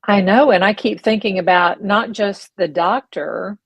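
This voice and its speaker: A woman's voice: mid-range voice, unhurried, breathy edge, no echo, poor audio. A woman co-hosting a casual faith talk show, speaking in an earnest, reflective way.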